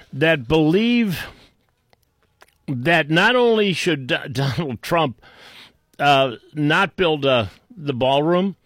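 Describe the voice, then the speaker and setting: A man with a Boston accent ranting sarcastically about politics, rambling, trading insults and clearing his throat. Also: on the high side, a bit bright, dry recording. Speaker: political commentator. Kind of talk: unscripted political rant.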